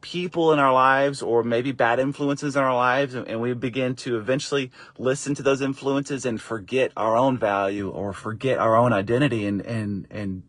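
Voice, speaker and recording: A middle-aged man and father telling a casual story to camera, lively and encouraging, jumping up in pitch when he acts out what others said. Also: normal speed, few pauses, no room sound. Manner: animated, acts out quoted voices with high pitch jumps; encouraging, faith-based wrap-up. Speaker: father and faith vlogger.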